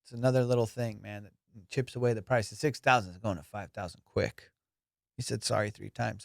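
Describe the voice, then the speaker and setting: A man hosting a podcast, telling a story in casual chat, animated and profane, acting out both sides of a conversation. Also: fairly low pitch, fairly quick, creaky, no room sound, studio quality. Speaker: podcast host.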